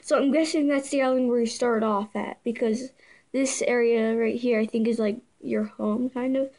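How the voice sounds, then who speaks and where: A woman giving casual reaction commentary, excitable, stumbling over names and laughing at herself. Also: fairly high pitch, moderate pace, low-quality recording. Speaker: video creator.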